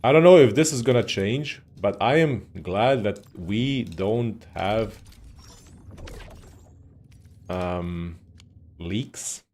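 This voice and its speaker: A man's voice: lowish voice, drawn-out words, long pauses, darkish tone. A male streamer giving casual gaming commentary in a profane, sarcastic rant.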